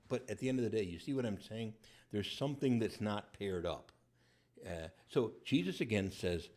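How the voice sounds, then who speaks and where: Male priest, sermon, low voice, very lively intonation, acts out dialogue. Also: a little fast, vocal fry.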